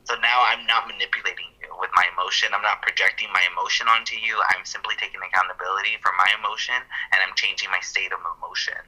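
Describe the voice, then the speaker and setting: A man on a casual podcast, walking through counseling concepts and pausing to correct himself as he goes. His voice sits fairly low, with a very tense, bright edge and a husky grain. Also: fairly even intonation, low-quality recording. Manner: thoughtful, talks through ideas with fillers and self-corrections. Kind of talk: casual explanatory podcast talk.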